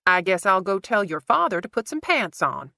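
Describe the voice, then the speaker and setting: A woman's voice: mid-range voice, sing-song, normal speed, vocal fry, sharp tone, no room sound, clean studio sound, exaggerated voice. A woman voicing a stern, suspicious middle-aged mother in an audiobook. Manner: probing, stern.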